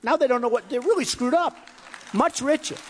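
Speaking briskly in an extremely high voice, a candidate rambles and brags to a rally audience packed into a hot room, repeating himself and imitating his critics mockingly. The recording is noisy, with hall echo and a faint crowd.

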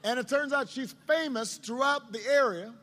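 High-voiced man telling a story to a crowd. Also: sharp tone. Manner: halting delivery with repeated words. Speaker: politician.

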